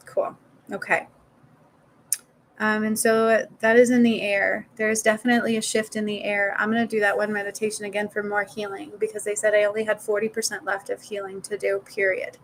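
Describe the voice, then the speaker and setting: A woman's voice: mid-range voice, a bit bright, slight background noise, low-quality recording. A woman talking casually to viewers in a live stream as a spiritual healer, swearing now and then and repeating words for emphasis.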